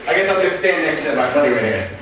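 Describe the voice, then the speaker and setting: A man's voice: fairly high pitch, animated, fast talker, recorded from a distance, over loud music. A young man doing a stand-up comedy set, rambling and hesitant, with many fillers, in a small theater. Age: young adult. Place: small black box theater. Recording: roomy hall, mic set back, loud noise. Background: audience laughter.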